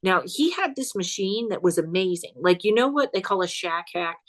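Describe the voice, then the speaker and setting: A woman's voice: lowish voice, normal speed. Chatty woman spinning a ghost story. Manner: animated, chatty, laughs while telling. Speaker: guest, psychic comedian. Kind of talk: casual storytelling chat.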